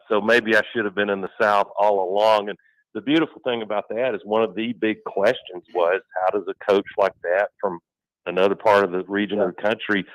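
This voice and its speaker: A man's voice: fairly low pitch, no echo, poor audio. A man co-hosting sports radio in casual talk, analytical and fond of building vivid game scenarios.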